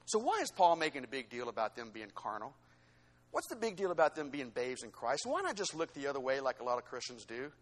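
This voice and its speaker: A male pastor preaching a sermon, swinging between loud exhortation and quieter teaching asides. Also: medium pitch, sing-song, brisk.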